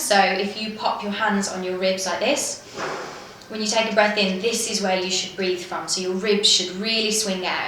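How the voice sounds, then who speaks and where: Female elocution tutor, crisp instructive delivery, recorded in a boomy echoing room with faint hiss. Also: a bit bright. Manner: clear, careful diction. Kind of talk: instructional explainer video. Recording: very echoey room.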